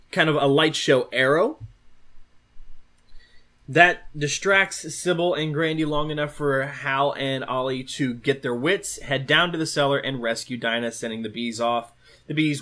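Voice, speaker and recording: A man's voice: medium pitch, a bit bright. A man hosting a podcast, retelling a comic book story in a loose, casual way. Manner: loose retelling with fillers and restarts. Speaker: podcast host.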